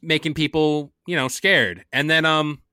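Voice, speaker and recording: Man, podcast co-host: reflective casual talker, crisp bright tone. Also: fairly high pitch, fairly even intonation, unhurried, dry recording, clean studio sound. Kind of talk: casual chat.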